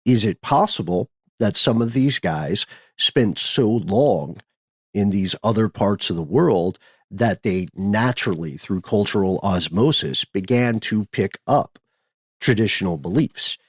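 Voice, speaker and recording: A man's voice: on the low side, lively intonation, measured pace, slightly rough, no room sound, clean studio sound. A man hosting a podcast, explaining history in a conversational, thinking-aloud way. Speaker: podcast host.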